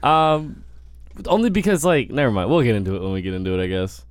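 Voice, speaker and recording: A man's voice: mid-range voice, very animated, quick pace, smooth, no room sound, clean studio sound. A man hosting a casual movie podcast, rambling and breaking off mid-sentence as he laughs with friends. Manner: rambling, self-interrupting, laughing. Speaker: podcast host.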